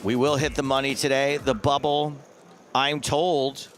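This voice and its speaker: Jokey male poker commentator, slow. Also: mid-range voice, level tone, music in the background. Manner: playful, jokey, silly asides.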